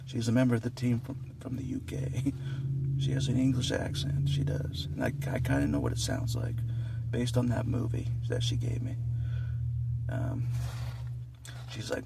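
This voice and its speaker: A man's voice: mid-range voice, moderate pace, vocal fry, darkish tone. A man talking in a rambling, earnest casual monologue, often laughing and repeating himself. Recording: distant mic with faint background noise.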